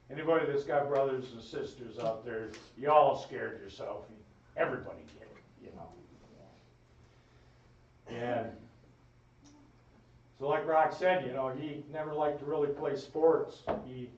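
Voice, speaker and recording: A man giving a funeral eulogy for his brother, telling folksy, rambling family stories. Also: medium pitch. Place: funeral home chapel. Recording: echoey room, distant mic, dull sound.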